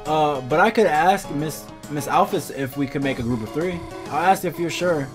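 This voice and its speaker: A man voicing a sweet, timid teenage deer girl in a game, speaking gently and apologetically. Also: a little high, normal speed, music in the background, close to an everyday voice. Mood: gentle.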